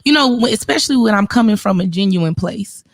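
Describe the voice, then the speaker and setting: Woman, podcast guest, earnest and emphatic, middle pitch, dry sound. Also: lively intonation, dry recording. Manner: earnest, emphatic, quick to laugh. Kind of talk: casual faith chat.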